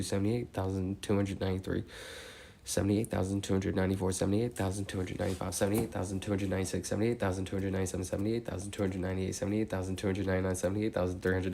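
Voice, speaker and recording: A young man steadily counting numbers out loud, breaking off now and then to ramble casually. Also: low voice, creaky. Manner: steady rapid number recitation, rambling slangy tangents. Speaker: streamer counting aloud. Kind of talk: monotone counting with casual asides.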